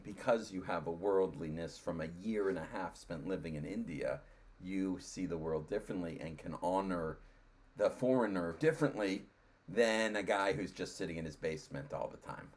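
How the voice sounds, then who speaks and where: A man's voice: low-pitched, normal speed, a little mellow, breathy edge. A man hosting a casual podcast conversation, rambling and acting out what people said. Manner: rambling, acts out quoted voices. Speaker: podcast host.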